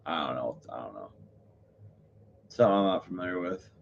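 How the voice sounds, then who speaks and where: A man on a live stream, rambling through his thoughts with plenty of fillers and self-corrections. His voice sits on the low side, and the sound is a bit muffled and lo-fi. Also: big pitch swings, a little fast, creaky, slight background noise. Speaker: livestreamer. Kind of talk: casual live-stream chat.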